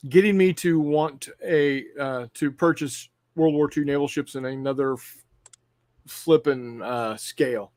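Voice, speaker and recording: Male co-host, halting and dry, voice a little higher than most men. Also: darkish tone. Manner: halting, restarts often, dry teasing. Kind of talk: casual chat.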